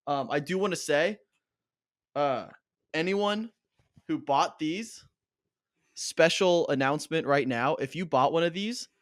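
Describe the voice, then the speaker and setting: A young man co-hosting a casual reaction podcast, talking in an animated, fired-up rant. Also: fairly high pitch, unhurried, long pauses, no room sound, clean studio sound. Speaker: podcast co-host.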